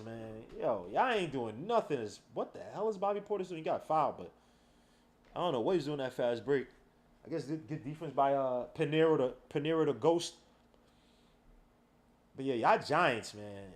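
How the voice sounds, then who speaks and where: A man's voice: medium pitch, normal speed. A man hosting a casual game watch-along podcast, talking loosely with slang and trash talk. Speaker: podcast host.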